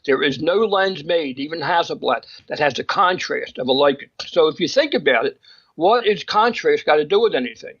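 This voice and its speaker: A man's voice: fairly high pitch, lively intonation, normal speed, fairly bright tone, highs cut off. A man co-hosting a casual chat, talking emphatically and opinionatedly in bursts, with frequent restarts. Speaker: magazine co-host discussing photographers.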